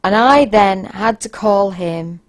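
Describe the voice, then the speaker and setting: A woman's voice: mid-range voice, slow pace. A woman, hosting a podcast and telling frank anecdotes in a casual, blunt way, sometimes raising her voice for emphasis. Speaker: podcast host.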